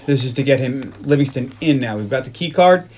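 A man's voice: mid-range voice, fairly quick, slight background noise. Man recapping a movie, acting out lines. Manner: animated, acts out quotes from scenes. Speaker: podcast co-host. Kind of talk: casual chat recapping a movie.

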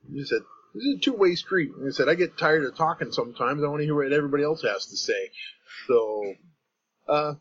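A man's voice: on the high side, a bit bright, breathy edge, lo-fi sound. A Canadian man with a Canadian accent, chatting on a podcast in a rambling, self-interrupting way and laughing often. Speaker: podcast host and guest. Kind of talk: casual podcast chat.

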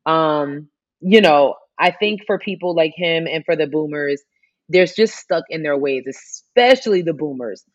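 A woman in casual chat, talking in an animated, rambling way with many fillers. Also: low-pitched, a little slow, muffled recording.

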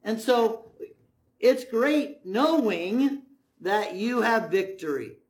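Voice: medium pitch, lively intonation, slow. A preacher delivering a conversational sermon, asking the congregation questions and retelling stories in a casual way.

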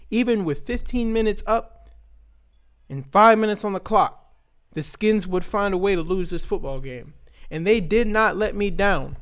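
Exasperated young man ranting about football. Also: high-pitched. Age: 20s. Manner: exasperated storytelling with many "right?" tags. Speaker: podcast host. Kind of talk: casual sports rant.

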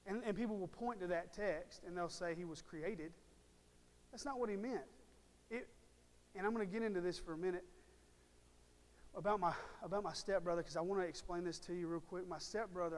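A man preaching a sermon in a church, emphatic and direct with the congregation, repeating words for stress. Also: high-pitched. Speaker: pastor. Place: church sanctuary. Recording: long hall reverb.

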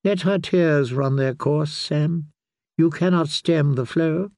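Man doing a slow, quiet, weary old sage, gentle and measured. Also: a little high, no echo, clean studio sound. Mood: gently grave. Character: very old, wise male healer, gentle and weary.

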